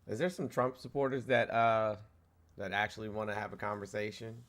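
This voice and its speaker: A man's voice: on the low side, steady tone, fairly quick, fairly bright tone. A man hosting a live stream debate, asking probing questions in a laid-back way. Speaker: stream host.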